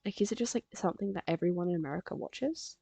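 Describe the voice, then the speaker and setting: Chatty teen girl, a bit gravelly. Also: fairly low pitch, animated, quick pace, mellow, dry recording. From England. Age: teens. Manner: rambling, chatty, frequent fillers. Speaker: live streamer. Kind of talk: casual chat while drawing.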